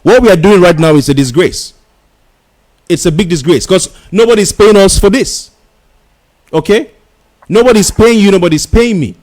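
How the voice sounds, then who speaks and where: A man's voice: high voice, expressive, normal speed, pauses often, darkish tone. A man hosting a radio talk show, insistently arguing with a caller and repeating himself to hold the floor. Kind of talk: heated on-air argument with a caller.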